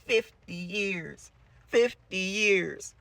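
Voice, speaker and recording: A man putting on the voice of a dazed old woman teacher, slow and quavering, repeating herself. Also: sits high, creaky, fairly bright tone, dry recording, pitched above the performer's own voice, full character voice.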